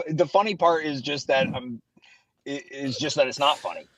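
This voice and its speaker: A man's voice: mid-range voice, moderate pace, a bit bright. A man co-hosting a casual chat show, joking around and laughing at awkward moments. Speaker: co-host. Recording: dull lo-fi audio.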